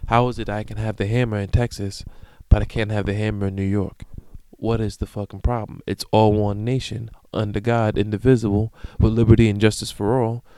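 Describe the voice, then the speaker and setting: A man in his thirties hosting a solo podcast, ranting in a profane, animated, comedic way. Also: lowish voice, brisk, hardly any pauses, clear, resonant tone, dry recording. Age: 30s. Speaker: podcast host. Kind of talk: casual solo podcast monologue.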